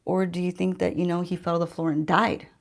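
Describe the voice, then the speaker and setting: A woman's voice: lowish voice, flat delivery, quick pace. A woman beauty vlogger chatting casually to her viewers while she does her makeup, asking them questions as she tells a story. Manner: chatty, addresses viewers directly, rhetorical questions. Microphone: handheld-range mic while holding a mirror.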